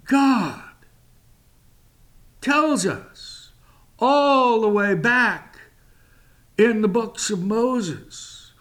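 Very slow, high-voiced male Bible teacher. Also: animated, a bit bright. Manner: measured, emphatic, with long pauses and fillers. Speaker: Bible teacher and show host.

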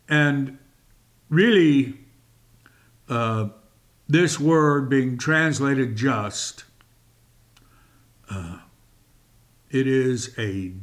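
A man preaching a sermon in a deliberate, emphatic way, with long pauses between phrases. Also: medium pitch.

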